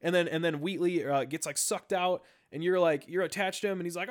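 A man with a fairly high voice talks in a quick, tumbling rush, retelling things excitedly. He piles on fillers and restarts as he goes, in a loose, casual podcast chat. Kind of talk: casual chat about video games.

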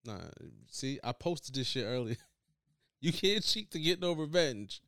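A man's voice: a little high, lively intonation, a little slow, a bit bright, no echo, clean studio sound. A young man co-hosting a casual podcast, giving blunt, opinionated takes and repeating catchphrases. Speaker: podcast co-host. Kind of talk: casual chat.

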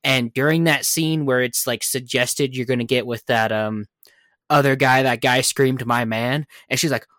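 A man's voice: mid-range voice, fairly even intonation, moderate pace, fairly bright tone, no echo, studio quality. A man co-hosting a casual chat, laughing often and chiming in with his own story. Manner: laughs often, chimes in with short remarks. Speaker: podcast co-host.

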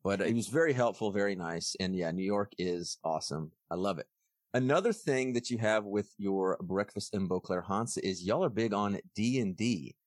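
A man's voice: on the low side, no echo, studio quality. A man with a Texan accent, hosting a podcast and telling stories animatedly in casual chat. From Texas. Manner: animated storytelling with quick put-on voices. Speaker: podcast host.

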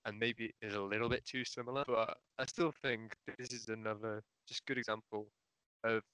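A man co-hosting a casual music chat, giving halting, thoughtful opinions on an album. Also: fairly low pitch, steady tone, sharp tone, smooth, no echo. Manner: thoughtful, halting, restarts often. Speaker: podcast co-host.

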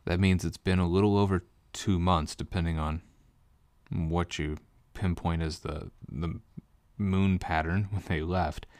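A man's voice: sits low, fairly even intonation, unhurried, darkish tone, dry recording. A man teaching a Bible study in a conversational way, explaining details step by step. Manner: explanatory, walks listeners through details step by step.

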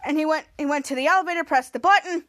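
A woman's voice: sits high, fairly bright tone. A woman hosting a podcast, recapping a TV episode scene by scene in a rambling, casual way and popping into the characters' lines. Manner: retells scenes with quick quoted voices, rambling restarts. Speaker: podcast host.

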